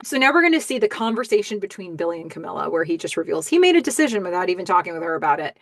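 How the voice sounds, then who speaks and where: A woman podcast host giving a casual episode recap in an animated, chatty way with many ums. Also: fairly low pitch, rapid-fire, no echo, studio quality.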